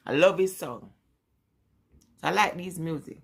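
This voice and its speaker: Middle-aged Jamaican woman vlogger, lower voice, loose chatty rambling delivery. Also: measured pace, vocal fry, breathy edge. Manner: chatty, rambling, answers viewer questions. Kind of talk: casual live chat with viewers.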